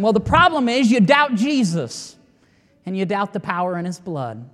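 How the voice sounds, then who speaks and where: Animated and forceful, this high-voiced male pastor builds toward near-shouts at his sermon's peaks and lets long, dramatic silences linger. His words echo with the extended reverb of a large hall, as though filling a vast church.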